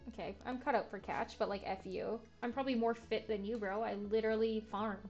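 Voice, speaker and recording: A young woman rambling through a relaxed game stream, her voice sitting a little high. She talks casually, packed with "like" and wry jokes. The mic sounds muffled and lo-fi, with soft game music behind. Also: a little fast. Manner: chatty, heavy on filler "like", jokey asides. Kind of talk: casual let's-play commentary.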